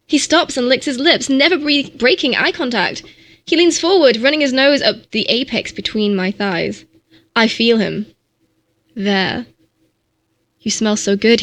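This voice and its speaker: A woman streamer reads a novel aloud with a fairly high voice. She gives it a mock-dramatic delivery. She sometimes trips over a word and corrects herself. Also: fairly bright tone. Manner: mock-dramatic reading with stumbles.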